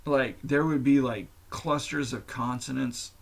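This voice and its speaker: A man's voice: medium pitch, a little slow, creaky. A man hosting his own podcast, talking alone in a candid, profane, rambling way. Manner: candid and profane, explains at length with fillers. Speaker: podcast host. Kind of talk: casual solo monologue.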